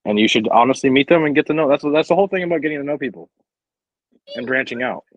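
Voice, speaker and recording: A man's voice: mid-range voice, expressive, fast, dry recording, lo-fi sound. A man co-hosting a podcast, talking loosely and profanely about positivity and good people. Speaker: podcast co-host. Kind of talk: casual podcast chat.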